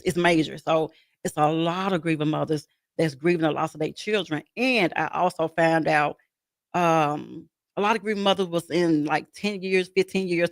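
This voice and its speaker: A woman's voice: fairly low pitch, dry recording. A woman speaking as a guest in an interview about her life as a grieving mother, talking earnestly and repeating herself as she voices her own inner dialogue. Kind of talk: interview conversation.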